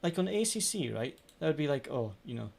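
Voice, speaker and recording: A man's voice: fairly high pitch, very animated, a little fast, creaky. A man streaming a racing sim live, ranting in frustration at his own races as he plays. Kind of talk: live gameplay commentary.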